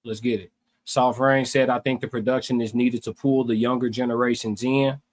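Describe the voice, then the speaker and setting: Male stream host, easygoing and slangy, mid pitch, reads chat comments aloud. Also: flat delivery, normal speed. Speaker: livestream co-host. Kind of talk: casual livestream chat.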